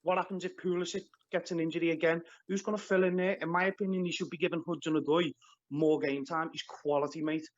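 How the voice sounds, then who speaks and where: A man's voice: on the high side, little pitch movement, fast. A man calling into a football show, blunt and opinionated. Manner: blunt, opinionated, scolds fans. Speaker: caller. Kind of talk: fan phone-in chat. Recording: dull call audio.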